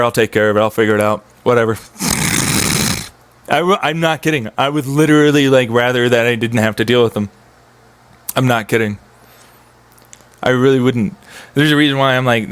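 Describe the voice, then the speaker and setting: Young man, agitated rambling rant, lots of swearing, smooth clear voice, dry close sound. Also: mid-range voice, a bit bright, no room sound. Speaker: streamer. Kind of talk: venting monologue on a live stream.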